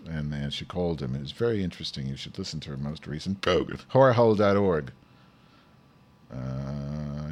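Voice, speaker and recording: A man hosting a live show, rambling crudely to himself while testing his lavalier and stand microphones. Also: deep voice. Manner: crude, profane, self-talking. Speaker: show host. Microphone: lavalier and stand mic.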